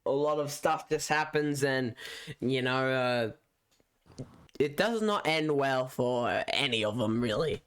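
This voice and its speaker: Slow, hesitant young man co-hosting. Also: medium pitch, fairly bright tone. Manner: hesitant, agreeable, many fillers. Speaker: podcast co-host. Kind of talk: casual school podcast chat.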